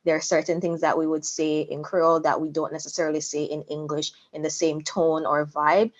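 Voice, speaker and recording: Low voice lady, relaxed, laughs a lot, kinda muffled sound. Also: fairly quick. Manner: relaxed, laughs easily, frank. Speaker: host. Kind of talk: casual discussion. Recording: dull lo-fi sound.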